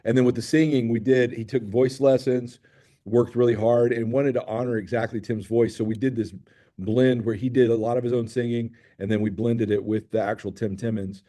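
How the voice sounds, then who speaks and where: A man's voice: medium pitch, fairly even intonation, fairly quick, dark tone. A middle-aged man, a film director guest, telling stories eagerly with many restarts in an interview. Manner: enthusiastic storytelling with many restarts. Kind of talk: interview chat.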